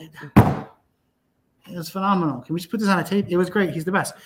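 A man with a slightly high voice talks as a filmmaker guest in a loose podcast chat. He tells stories emphatically and swears often. He doubles back and restarts his sentences as the words pour out. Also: quick pace, a little hiss or hum. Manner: profane, emphatic storytelling with frequent restarts. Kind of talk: animated casual podcast conversation.

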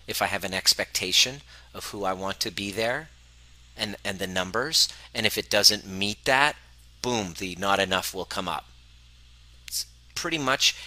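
A man's voice: fairly low pitch, sharp tone, rough recording. A man coaching a live audience, earnest and self-reflective, sometimes acting out the voices in his head.

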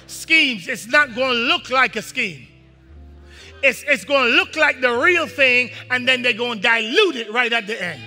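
A man preaching a sermon, reading scripture with the congregation and breaking off to explain it, often rising to shouts. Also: extremely high pitch, in a large hall. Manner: preaching with call-and-response to the congregation. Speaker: pastor.

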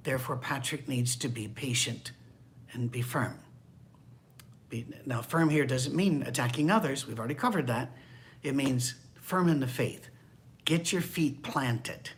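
An older man preaching a conversational sermon, candid and wry, dropping into hushed asides. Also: medium pitch, measured pace, pauses often. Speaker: pastor.

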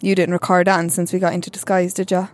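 A woman's voice: on the low side, little pitch movement, quick pace, natural voice. A woman playing a cheeky young Irish sidekick detective who teases the others. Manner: cheeky, teasing.

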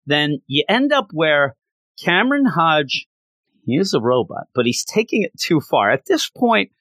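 A man giving a casual recap of a story, animated and often restarting his sentences. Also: on the high side, a little slow, no room sound. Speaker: comic book commentator.

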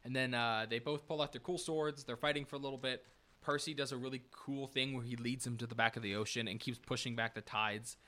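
A young man co-hosting a casual book podcast, recapping plot in a halting way with many fillers. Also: medium pitch, steady tone, bright, forceful tone. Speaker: podcast co-host.

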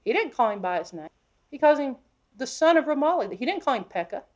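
A woman preacher teaching a sermon from the Bible, emphatic, often asking her listeners questions and moving between loud and hushed delivery. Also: high voice, big pitch swings, fast talker. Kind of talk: expository sermon.

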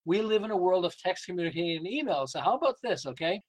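An older man speaks as an interview guest, telling workplace and family stories with lots of energy. His voice sits high for a man, and he acts out the other people in his stories and laughs often. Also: lively intonation, very fast, hardly any pauses, rough recording. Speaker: guest, sales and behavior coach. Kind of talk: lively interview storytelling.

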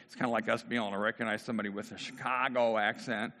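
Speaking in a rapid-fire, pushed, bright voice that sits on the low side, the preacher keeps his intonation fairly even. He acts out the voices of the people in the story he tells, with long hall reverb around him.

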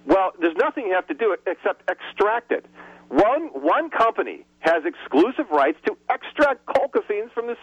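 A man's voice: high voice, big pitch swings, normal speed, breathy edge, no echo. A man calling in to a radio show by phone, ranting indignantly about drug prices. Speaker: caller. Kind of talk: phone-in chat. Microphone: telephone. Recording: muffled phone line.

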